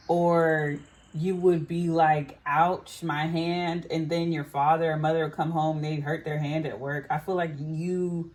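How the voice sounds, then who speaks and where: A woman with a low, darkish voice reads tarot casually to camera for her viewers. She muses in a chatty way and frequently says "I feel like."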